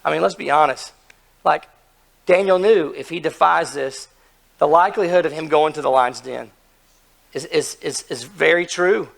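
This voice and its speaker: A hoarse man preaching an earnest, emphatic sermon, asking his listeners questions as he retells a story. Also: a little high, normal speed, fairly bright tone. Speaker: pastor.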